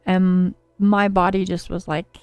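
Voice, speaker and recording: Gravelly-toned woman reading tarot on a livestream. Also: lowish voice, level tone, takes it slowly, darkish tone, no room sound, muffled recording, faint music behind. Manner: soothing, chatty, reads viewer names and card meanings. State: slightly scratchy voice from a cold. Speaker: tarot reader and livestream host.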